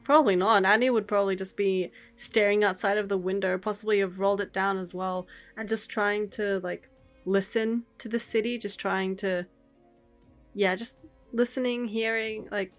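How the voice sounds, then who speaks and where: A woman's voice: medium pitch, flat delivery, normal speed, soft background music. Woman musing aloud as a player. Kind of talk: casual tabletop game play.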